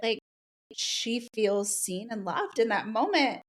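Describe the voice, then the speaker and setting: A middle-aged woman, a podcast guest, telling personal stories in a casual way and acting out quoted dialogue with lively jumps in pitch. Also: slow. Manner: many fillers like "um" and "like". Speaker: guest, Reiki practitioner. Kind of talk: casual conversational storytelling.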